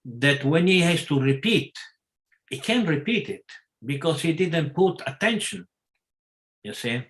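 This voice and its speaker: A man giving a scripture class, talking in a halting way with many pauses and self-corrections. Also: a little high, lively intonation, fairly bright tone. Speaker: class speaker.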